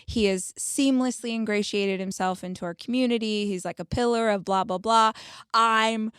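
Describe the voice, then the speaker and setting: Animated female podcast host, dry sound. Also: on the high side, moderate pace, clean tone, no echo. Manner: animated, expressive storyteller. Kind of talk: casual chat.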